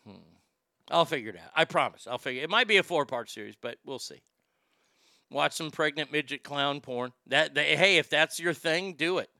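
A man's voice: a little high, lively intonation, a little fast, vocal fry, pushed and bright, no echo, studio quality. A middle-aged man hosting a show, reading listener mail in a blunt, profane, rambling way. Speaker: host.

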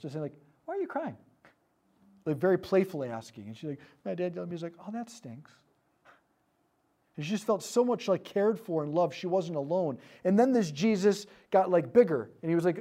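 A man leading a teaching talk, telling a story about inner-healing prayer. His voice sits a little high but sounds dark and mellow. He lets it fall soft and hushed whenever he quotes a prayer. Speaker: speaker leading a prayer ministry session.

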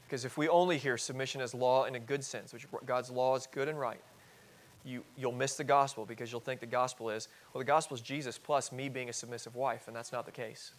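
A man in his thirties preaching a sermon as pastor in a church, earnest, swinging between loud emphasis and soft asides. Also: medium pitch, fairly even intonation, fairly quick. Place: church sanctuary.

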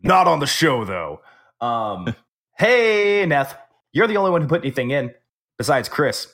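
A man hosting a loose podcast chat, teasing his co-hosts and swearing freely. His voice sits a bit high and moves animatedly up and down. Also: big pitch swings, a little slow, fairly bright tone. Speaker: podcast host.

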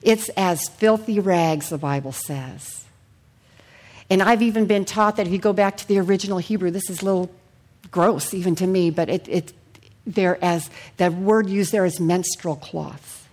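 A woman preaching a sermon in a church hall, earnest and personal, sharing her testimony and sometimes dropping her voice to a hush. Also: fairly low pitch, normal speed. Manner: earnest, personal testimony with soft hushed passages.

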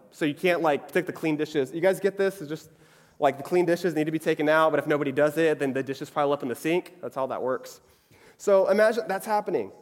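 A young adult man giving a conversational sermon, chatty and often checking in with the audience. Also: on the high side. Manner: chatty, frequently asks "right?". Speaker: preacher. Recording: long reverb of a hall.

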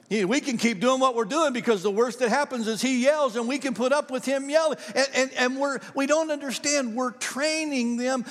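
An older man preaching a sermon in a conversational, animated storytelling way. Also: extremely high pitch, in a large hall. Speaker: pastor.

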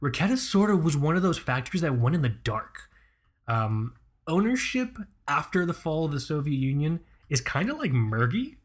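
A man's voice: a little high, big pitch swings, normal speed. Rambling casual podcast host, man. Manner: rambling, profane, self-correcting.

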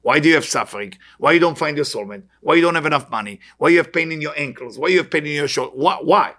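A man's voice: fairly high pitch, quick pace, pushed and bright. A man giving a spiritual lecture to an audience, earnest and questioning, often repeating short phrases. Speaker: Kabbalah teacher.

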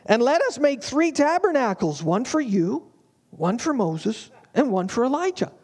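A man's voice: extremely high pitch, big pitch swings, unhurried, darkish tone, breathy edge, pitched above the performer's own voice, full character voice. A man voicing an eager, impulsive male disciple who boasts and blurts without being asked. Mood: eager, boastful. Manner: boastful, overeager.

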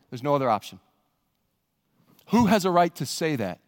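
A male pastor preaching a sermon in a church, animated and rising to near-shouts for emphasis. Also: medium pitch, moderate pace, pauses often, big-room sound. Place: church sanctuary.

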